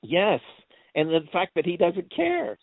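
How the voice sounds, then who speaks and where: Excitable laughing man, tinny dry sound. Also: sits high, measured pace, creaky, no echo. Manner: laughs often while retelling scenes, excitable. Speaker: co-host reviewing movies. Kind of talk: casual chat.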